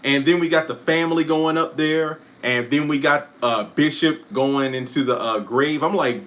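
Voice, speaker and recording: A man's voice: fairly high pitch, normal speed, few pauses, fairly bright tone. Chatty man hosting a live stream. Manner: chatty, self-interrupting, apologetic asides. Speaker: YouTube live stream host. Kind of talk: casual live stream chat reacting to viewer comments.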